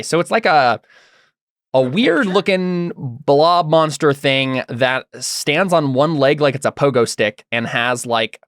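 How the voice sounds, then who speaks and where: Relaxed man running a tabletop game. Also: medium pitch, no room sound, studio quality. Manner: rambling, filler-heavy describing. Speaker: game master.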